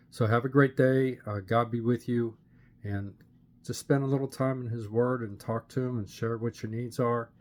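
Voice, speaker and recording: An older man from Pittsburgh, Pennsylvania, telling his personal faith story to a camera in an earnest, plain-spoken way with many "uh" pauses. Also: medium pitch, darkish tone. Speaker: channel host sharing his testimony. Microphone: camera facing the speaker.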